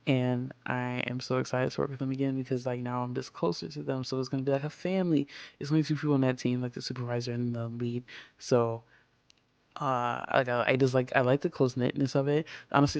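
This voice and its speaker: A man's voice: mid-range voice, level tone, fast talker, gravelly, clean tone, dry recording, highs cut off. A young man chatting casually over gameplay as a game speedbuild creator, rambling through stories and swearing freely.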